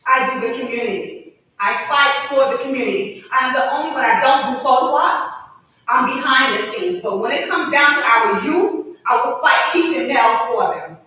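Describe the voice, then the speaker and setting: A woman giving an emotional, forceful public comment at a city council meeting. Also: high-pitched, moderate pace. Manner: emotional, forceful, rising to shouts. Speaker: resident speaking at public comment. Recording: echoey chamber, mic from a distance.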